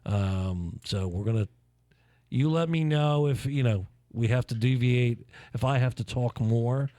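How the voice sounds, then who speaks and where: A Philadelphia man hosts a playful morning show, full of jokes, theatrical flourishes and quick asides. His medium-pitched voice is warm with fairly even intonation, recorded dry.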